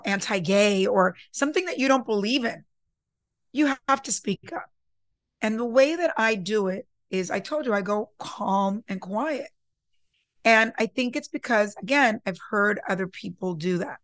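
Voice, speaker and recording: A woman's voice: mid-range voice, fairly bright tone, no room sound. Woman talking earnestly about confidence, plays out her own inner voice, dry close sound. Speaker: podcast host. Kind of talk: casual motivational talk.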